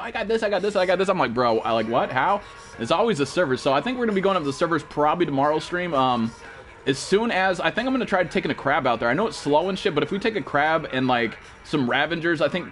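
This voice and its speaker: A young man streaming a game live, swearing constantly and greeting viewers in chat as he plays. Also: on the high side. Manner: fast, profane, excitable, greets chat viewers. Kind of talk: live gameplay commentary.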